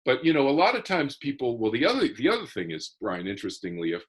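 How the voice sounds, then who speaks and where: A man's voice: medium pitch, sing-song, fast talker, husky. A man, an author being interviewed, explaining his ideas earnestly in casual conversation and often restarting his phrases.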